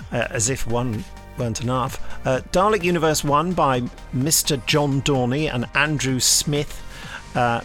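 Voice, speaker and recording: A man's voice: on the high side, sharp tone. A man co-hosting a podcast, reading out listener reviews in a playful, giggly way and often breaking into laughter. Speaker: podcast co-host. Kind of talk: casual chat reading out reviews.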